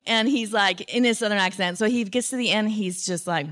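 Lively woman host telling stories. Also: medium pitch, a little fast, few pauses. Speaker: podcast host. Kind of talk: casual conversation before a live audience.

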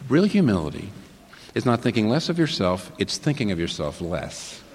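A man preaching a sermon to a live congregation, emphatic and fond of rhetorical questions that he answers himself. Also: fairly high pitch. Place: large church hall with a live congregation. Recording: long reverb in a large hall.

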